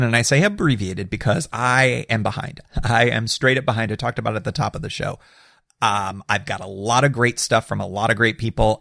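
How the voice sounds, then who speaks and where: A man's voice: on the low side, gravelly, a bit bright, no room sound, clean studio sound. A man hosting a podcast, talking in an upbeat, chatty way with fillers and laughs. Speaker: podcast host. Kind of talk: casual podcast talk.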